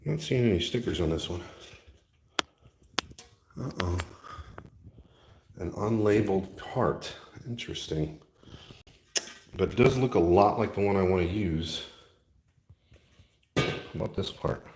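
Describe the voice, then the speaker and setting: A lowish-voiced man chats his way through a furniture build, tossing wry jokes to the viewers as he works. He drifts toward and away from a camera mic in an echoey room. Faint noise and the click of parts sit under his voice. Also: lively intonation, unhurried, long pauses, a little mellow. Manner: chatty, jokey asides to viewers while working. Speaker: maker and video host. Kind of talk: casual running talk while assembling.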